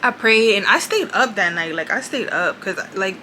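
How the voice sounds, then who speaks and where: A woman's voice: mid-range voice, expressive, moderate pace, bright, forceful tone, slight background noise, poor audio. A young woman vlogger telling a personal faith testimony in a chatty way, addressing viewers directly and saying "like" often. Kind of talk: casual confessional testimony.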